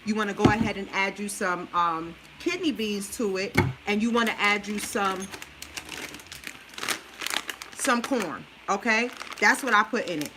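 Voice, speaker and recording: A woman's voice: mid-range voice, a little slow, pauses often, background noise. A busy mom chatting through a meal plan while she cooks, coaching her viewers in a casual, chatty way. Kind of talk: casual cooking livestream.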